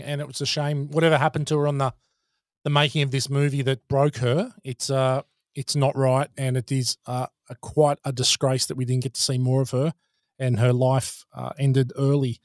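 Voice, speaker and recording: A man's voice: medium pitch, no echo, studio quality. A man hosting a casual movie podcast, enthusiastic and steering the segments. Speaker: podcast host.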